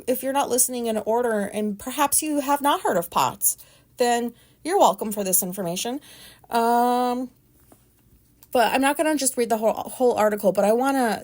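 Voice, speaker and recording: A woman hosting her own podcast, talking loudly in a chatty, rambling and frank way about her life. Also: mid-range voice. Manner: loud talker. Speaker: podcast host. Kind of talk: casual solo podcast monologue.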